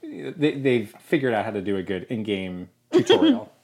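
A woman's voice: extremely low pitch, huge pitch swings, moderate pace, darkish tone. A woman co-hosting a casual podcast, reading listener questions aloud and bantering playfully. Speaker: podcast co-host. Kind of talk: casual chat.

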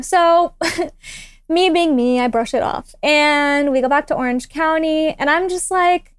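A woman's voice: sits high, unhurried, no room sound. A young woman in her twenties, a podcast guest telling a personal story in casual chat and acting out the lines of the people in it. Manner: animated, acts out quoted dialogue.

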